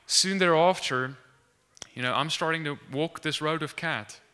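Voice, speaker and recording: A man telling a faith testimony as animated storytelling, acting out the lines of the people in it. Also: a little high, a little slow, smooth. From South Africa.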